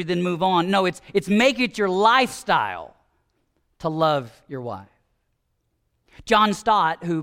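Pastor guy preaching, kinda high voice, gets loud then goes quiet. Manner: animated, emphatic preaching that drops to soft asides. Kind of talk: sermon.

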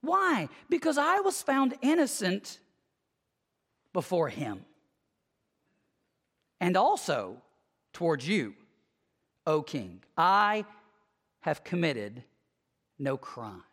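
A preacher voicing a solemn, low-voiced prophet. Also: wildly swooping pitch, extremely slow, long pauses, a bit bright, slightly rough, exaggerated voice. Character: calm, humble male prophet speaking from a den. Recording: long hall reverb.

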